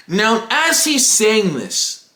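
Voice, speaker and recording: Animated young man ranting, echoey room. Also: sits high. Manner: animated, profane, exaggerated. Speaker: YouTuber. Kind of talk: comedic storytime rant.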